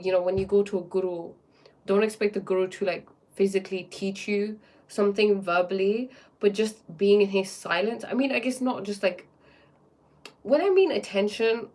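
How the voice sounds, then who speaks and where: Woman host for a casual spiritual livestream; excitable, rambling, filler-heavy, keeps checking in with chat. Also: medium pitch. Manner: rambling and excitable, many fillers and tag questions.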